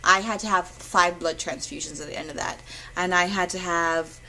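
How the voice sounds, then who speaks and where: A woman's voice: on the low side, moderate pace, slight background noise, rough recording. Candid woman telling a personal story. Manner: candid, animated, swings between loud and hushed. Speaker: vlogger.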